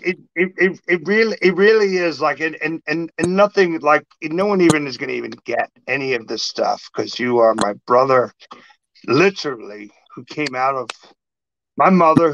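A middle-aged man hosting a casual chat, an animated storyteller who acts out exchanges. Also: medium pitch, slight background noise. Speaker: podcast host. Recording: dull lo-fi sound.

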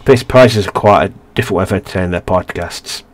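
A man with a somewhat low voice reads a narrative game aloud for his let's play. He stumbles over words and restarts phrases, with casual asides. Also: quick pace, a little hiss or hum.

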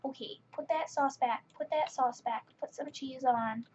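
A woman's voice: high-pitched, moderate pace, a little mellow, slight background noise. A woman giving casual, chatty running commentary while playing a game, often exasperated with other players. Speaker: gaming channel host. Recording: dull lo-fi mic with faint keyboard clicks.

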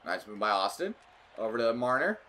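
A young man commentating his own hockey video game match, getting excitable and frustrated at the game. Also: mid-range voice, a little fast, slight background noise. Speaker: gaming YouTuber. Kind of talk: live gameplay commentary.

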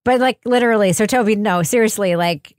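A woman's voice: medium pitch, a little fast, a little mellow, dry recording, clean studio sound. A woman co-hosting a podcast, chatting casually and teasing her co-hosts with frequent laughter. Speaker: podcast co-host. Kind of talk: casual chat.

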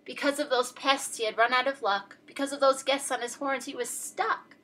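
A woman reading a rhyming picture book aloud in a lively, expressive, sing-song way. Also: high-pitched, moderate pace. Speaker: storyteller.

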